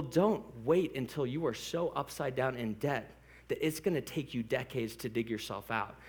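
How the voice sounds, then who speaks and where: A man preaching a sermon as pastor, talking straight to the congregation in a joking, conversational way and laughing often. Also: a little high. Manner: conversational, addresses the congregation directly.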